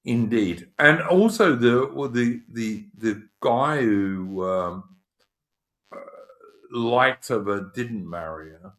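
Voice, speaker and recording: A man hosts a casual live-stream chat with a co-host. He speaks haltingly, restarting and repeating words, and reads comments from the chat aloud. His voice sits in a plain middle range. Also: mid-range voice, lively intonation, a bit bright.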